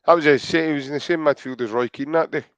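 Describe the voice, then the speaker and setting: A man's voice: on the high side, fast talker, no room sound, highs cut off. A Scottish man hosting a football podcast quiz, chatty and joking with plenty of hesitations. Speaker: podcast host. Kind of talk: casual podcast chat.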